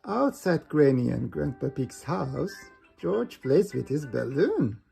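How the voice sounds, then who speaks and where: A man reading a children's storybook aloud in a slow, gentle way. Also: medium pitch, big pitch swings, creaky, faint music behind. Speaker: storybook reader.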